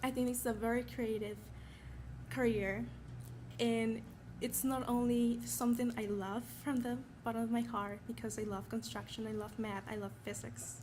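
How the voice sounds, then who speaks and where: Teen student from Mexico, Mexican accent, flat-toned and nervous at a noisy school event. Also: female voice, fairly high pitch, normal speed. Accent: Mexican Spanish. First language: Spanish. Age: teens. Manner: nervous, apologetic, earnest. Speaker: honored student. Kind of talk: award acceptance speech.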